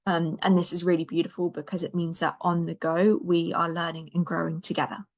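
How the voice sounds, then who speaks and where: Lady coach on a podcast, a bit croaky, soft and encouraging, low-ish fairly flat voice. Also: brisk. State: slightly croaky voice. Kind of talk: podcast monologue.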